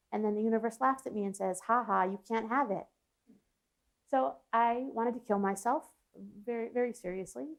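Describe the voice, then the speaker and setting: A woman's voice: fairly high pitch, a little mellow. A woman psychologist speaking as an interview guest, telling a personal story in an earnest, reflective way. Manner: earnest, reflective, with frequent restarts and laughs.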